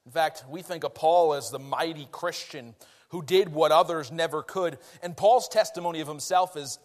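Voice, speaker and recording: Folksy higher-voiced preacher. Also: male voice, normal speed. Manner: folksy, self-deprecating, laughs often. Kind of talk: conversational sermon.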